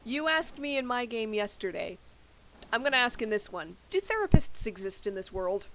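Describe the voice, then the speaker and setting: A woman playing in a tabletop game, talking in a relaxed, matter-of-fact way. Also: on the high side, moderate pace, a crowd in the background. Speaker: player. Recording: noisy background.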